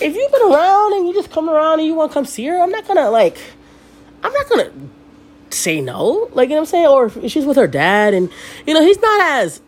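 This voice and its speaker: A woman in her thirties rants in a loose, rambling way, swearing often as she tells her story. She talks quickly, and her pitch swoops up and down. Her voice sits a little high for a woman. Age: 30s. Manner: animated, profane, rambling storytelling. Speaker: podcast host. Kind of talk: casual rant.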